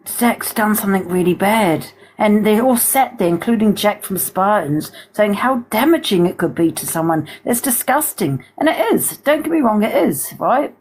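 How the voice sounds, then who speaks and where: A woman's voice: medium pitch, a little mellow, breathy edge, poor audio. A woman speaks on a livestream in a heated, blunt rant. She swears freely and keeps checking that her viewers are with her.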